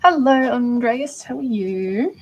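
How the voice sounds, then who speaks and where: A woman's voice: a little high, slow, a little hiss or hum, low-quality recording. A woman chatting casually to viewers on a craft livestream, laughing often and trailing off mid-thought. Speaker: livestreaming doll maker. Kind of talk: casual live stream chat.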